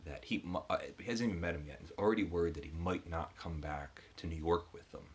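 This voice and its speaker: A man giving a casual book review, retelling the story in a halting way with frequent restarts. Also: low-pitched, steady tone, a little hiss or hum.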